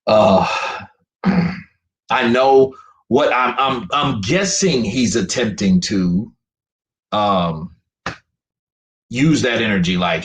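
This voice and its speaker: A man talks straight into his stream, frustrated and emphatic, repeating himself as he swears his way through a rant. His pitch jumps around a lot, and the room behind him is echoey. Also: lively intonation, very slow, pauses often. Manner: emphatic, profane, repetitive. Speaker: boxing commentator streamer. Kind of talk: live stream commentary rant.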